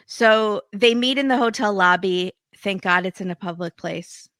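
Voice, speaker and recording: A woman's voice: mid-range voice, moderate pace, fairly bright tone, no echo. A woman hosting a podcast, chatting casually and with strong opinions about a reality TV episode. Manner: opinionated, quips, acts out quotes. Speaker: podcast host. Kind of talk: casual chat recapping reality TV.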